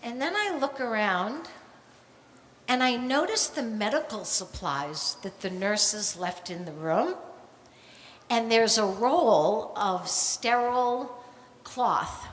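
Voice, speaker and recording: An older woman, a grandmother, telling a true story on stage at a live storytelling night, animated and acting out the voices of the people in it. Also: fairly high pitch, takes it slowly. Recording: echoey hall with long reverb, faint ambience.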